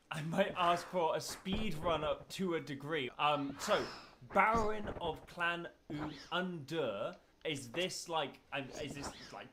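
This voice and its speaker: Lively-pitched man chatting over noise. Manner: chatty, filler-heavy, asks questions. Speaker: podcast co-host. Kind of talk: casual card review chat.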